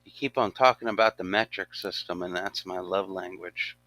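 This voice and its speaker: Bright-voiced older man, animated chatter. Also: low voice, normal speed, low-quality recording. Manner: animated storyteller, laughs often. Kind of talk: casual chat.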